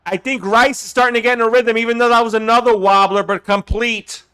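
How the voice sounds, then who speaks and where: Male streamer, high voice, clear tone, play-by-play, excited calls, quiet chat asides. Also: brisk. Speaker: live streamer. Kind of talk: live play-by-play commentary on a football video game. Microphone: desk mic he drifts away from.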